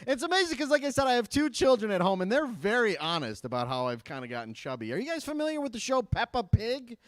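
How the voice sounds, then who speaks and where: Lively self-mocking comedian, high voice. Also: male voice, fast, no echo, studio quality. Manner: self-deprecating, animated storytelling. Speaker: stand-up comedian. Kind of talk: stand-up comedy set. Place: school gym.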